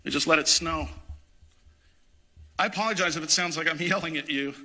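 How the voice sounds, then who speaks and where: A man's voice: on the high side, fairly quick, bright, forceful tone. A man, a parish priest, preaching an impassioned, indignant sermon in a church.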